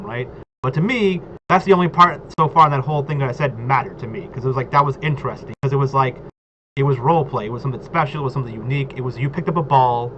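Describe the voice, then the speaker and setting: In a loose conversation about tabletop role-playing games, a man rambles and keeps dropping "like" and "right?" into his sentences. His voice sits in the middle range with a slight brightness. The audio is dull and lo-fi, with noticeable background noise.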